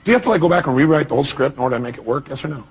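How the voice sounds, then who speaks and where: A man's voice: mid-range voice, animated, very fast, husky. Emphatic man quizzing a seminar audience. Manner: emphatic, fires rhetorical questions at the crowd. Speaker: motivational speaker. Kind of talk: seminar talk to a live audience.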